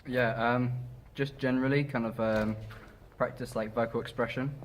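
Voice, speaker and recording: A man's voice: medium pitch, fairly even intonation, moderate pace, a little hiss or hum. A man drama student talking in a casual group discussion, hesitant, with many ums.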